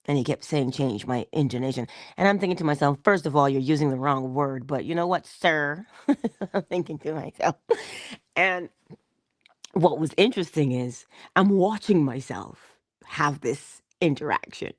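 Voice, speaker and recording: Low-voiced woman, soft whispered emphasis. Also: normal speed, no room sound, studio quality. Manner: drops into whispers for emphasis, laughs often. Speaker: host of a morning inspiration show. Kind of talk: casual inspirational talk with a story.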